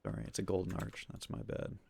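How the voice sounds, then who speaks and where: A man's voice: low-pitched, fast, gravelly, a little mellow, slightly rough, dry recording. A man chatting casually on a live stream, rambling and swearing as he rants. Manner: rambling, profane and ranting.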